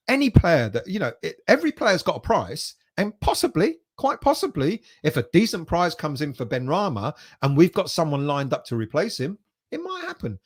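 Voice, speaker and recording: A man hosting a fan livestream, reading viewer comments aloud and chatting casually, with the odd bit of swearing. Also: fairly high pitch. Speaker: fan channel host reading live chat.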